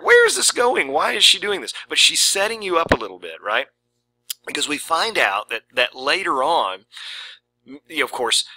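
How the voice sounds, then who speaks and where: A man's voice: medium pitch, bright, forceful tone, dry recording, low-quality recording. A man giving an informal lecture on a short story, talking in a rambling way and often correcting himself. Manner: rambling, with many self-corrections. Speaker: literature lecturer.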